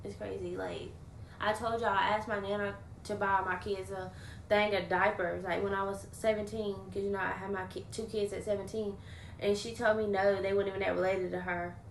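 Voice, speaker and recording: A young woman talks straight into her phone on a livestream, venting bluntly and swearing freely between thanks to viewers. Her voice sits at a middle pitch. The room gives it a noticeable echo. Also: little pitch movement, a little fast, creaky, a little hiss or hum. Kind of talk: casual livestream chat. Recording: roomy echo.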